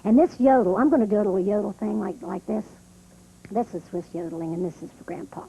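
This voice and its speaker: A woman's voice: mid-range voice, expressive, fast talker, gravelly, dark tone, a little hiss or hum, rough recording. A country singer, a woman, talking in a heartfelt, emotional way on a TV reunion show. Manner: heartfelt, emotional, slightly tearful. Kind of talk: casual chat on a TV show.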